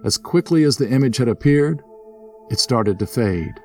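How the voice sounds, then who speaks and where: A man narrating a scripted ghost story in a steady storytelling manner. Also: normal speed, soft background music. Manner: steady storyteller, voices characters with lifted pitch. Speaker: narrator and host.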